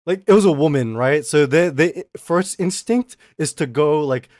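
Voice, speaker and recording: A man from Australia, streaming and ranting through a casual story in an animated, profane way. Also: a little high, normal speed, no room sound, studio quality. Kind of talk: casual ranting livestream chat.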